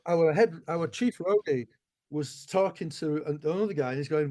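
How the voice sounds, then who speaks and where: A man in his sixties tells stories from his music career in an interview. He talks in an animated way, swears casually and acts out what other people said. His voice sits a little high for a man. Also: brisk. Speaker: musician guest. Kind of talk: anecdotal interview storytelling.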